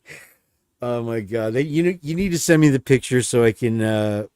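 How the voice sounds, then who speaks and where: A man's voice: mid-range voice, lively intonation, moderate pace, darkish tone, clean tone, no room sound, studio quality. A man hosting a livestream in casual chat, rambling and joking about himself. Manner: rambling, joking, self-deprecating. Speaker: stream host.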